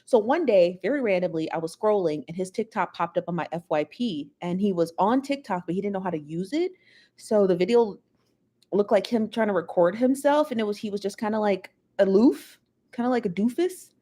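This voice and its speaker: Woman host, casual gossip livestream, chatty and teasing, mid pitch. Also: animated, fairly quick, warm tone. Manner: chatty, laughs often, talks straight to viewers.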